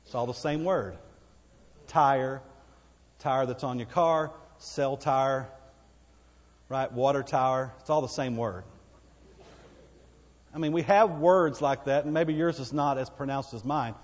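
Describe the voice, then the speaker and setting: A man's voice: a little high, moderate pace, darkish tone, long reverb tail. A man with a Texan accent preaching a sermon as pastor, folksy and conversational, with asides to the congregation. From Texas.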